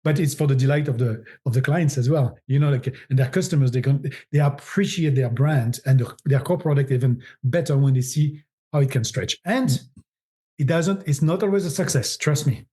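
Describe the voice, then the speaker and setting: French-accented man, mellow and animated. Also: mid-range voice, normal speed. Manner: animated, repeats words while searching for phrasing. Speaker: agency founder, guest. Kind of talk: podcast interview.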